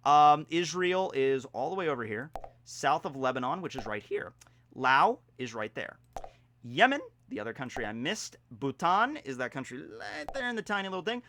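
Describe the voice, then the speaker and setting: Young guy from pennsylvania rambling thru a geo quiz, bright voice kinda high. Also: sing-song, moderate pace. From Pennsylvania, USA. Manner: rambling, self-deprecating, jokey asides. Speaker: vlogger. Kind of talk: casual commentary while playing a geography quiz.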